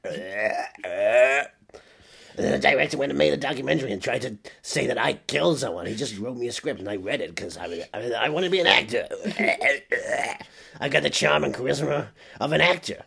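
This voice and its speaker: A man putting on an evasive, deadpan middle-aged man who mumbles low. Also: moderate pace, gravelly, breathy edge, full character voice.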